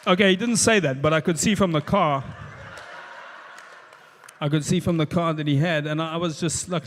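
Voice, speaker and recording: A South African man with a slightly raised pitch performs stand-up, stumbling through restarts and slipping in deadpan asides. His voice carries a long reverb from a live venue. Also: moderate pace, pauses often. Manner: rambling storytelling with many restarts and dry asides. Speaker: stand-up comedian. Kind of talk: stand-up comedy routine. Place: stage of a live show venue.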